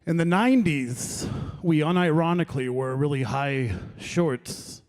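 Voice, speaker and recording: A man performs a stand-up set at an open mic, and his voice sits a little high. He rambles through his stories, pokes fun at himself and talks with the audience as he goes. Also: measured pace, a little mellow. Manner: rambling, self-deprecating, crowd work. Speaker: stand-up comedian. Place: comedy open mic in a venue.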